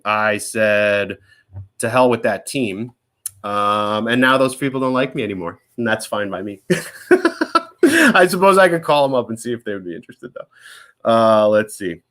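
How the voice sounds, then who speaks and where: A man's voice: fairly low pitch, animated, normal speed, a bit bright. A man hosting a live question-and-answer stream, chatting casually and rambling, often correcting himself mid-sentence. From United States. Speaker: host answering viewer questions.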